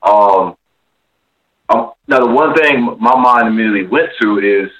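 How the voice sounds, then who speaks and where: A man's voice: fairly low pitch, a little slow, a bit bright, muffled recording. A man calling in to a talk show, easygoing, filling his talk with casual fillers. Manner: easygoing, peppers talk with "man" and "you know". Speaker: caller. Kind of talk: casual call-in chat.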